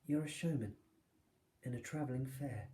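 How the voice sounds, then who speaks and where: A man voicing a sharp-eyed, defiant young boy who talks in a quick, cheeky way. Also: mid-range voice, pitched above the performer's own voice, lightly acted.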